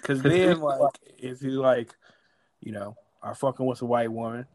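A young adult man co-hosting a casual chat, talking in relaxed, slangy banter. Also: mid-range voice, moderate pace. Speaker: podcast co-host.

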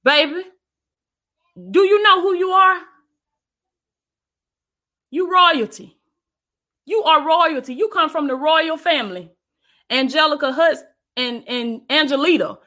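A woman's voice: high-pitched, unhurried, pauses often, bright, forceful tone. A woman preacher giving an emphatic, repetitive livestream sermon, calling her listeners "baby" and thanking viewers between points.

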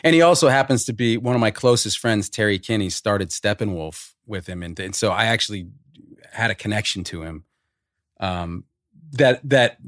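A man's voice: lowish voice, moderate pace, a bit bright, dry recording, studio quality. A man in his forties, a podcast guest, telling stories animatedly in casual chat and swearing freely. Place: podcast studio.

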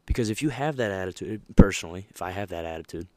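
Young male podcast host, low voice, animated motivational monologue, dry close recording. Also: fast talker, no echo. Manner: animated, emphatic, laughs often.

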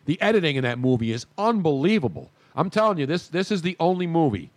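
A man's voice: on the high side, fast, dry recording. A man hosting a casual sports talk show, joking and emphatic as he rattles off opinions. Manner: animated, jokey, emphatic. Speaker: radio show host.

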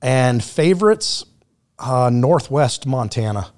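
A man's voice: medium pitch, lively intonation, slow. A man talking as a podcast guest, telling road stories in a blunt, profane, casual way. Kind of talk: casual conversation.

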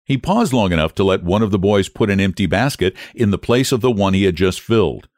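A man hosting a podcast and reading a classic short story aloud in a steady, clear way. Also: low voice, brisk, dry recording, clean studio sound. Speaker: podcast host and narrator.

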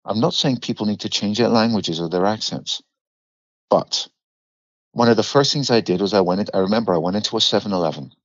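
Telling animated stories as a guest on a casual podcast, a London-accented English actor swears freely and acts out what people said. He speaks a little fast in a lowish voice, captured in dull audio with no echo.

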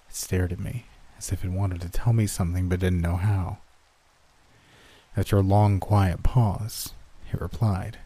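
A man narrating a first-person horror story in an even storytelling manner. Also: deep voice, moderate pace, slightly rough.

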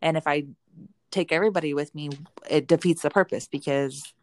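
A woman's voice: low-pitched, fairly even intonation, brisk, a little mellow, dry recording. A woman in her thirties, a mother and co-host, talking candidly in a rambling way with many fillers. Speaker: podcast co-host. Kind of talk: casual chat.

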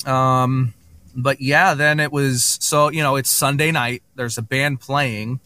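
A man's voice: medium pitch, slow, no echo. A man on a podcast, telling stories in a casual chat and acting out what people said. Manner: animated, acts out others' lines. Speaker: podcast guest.

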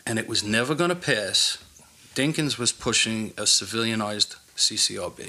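A man's voice: fairly low pitch, moderate pace, pushed and bright. A man, a former police officer telling blunt, profane stories in casual conversation. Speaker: retired police officer guest. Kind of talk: casual storytelling chat.

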